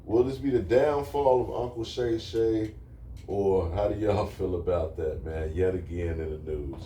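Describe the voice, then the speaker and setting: A man hosting a podcast in casual chat, relaxed, bringing up topics and handing them to his co-hosts. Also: lowish voice, measured pace. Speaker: podcast host. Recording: echoey room, distant mic, faint hiss.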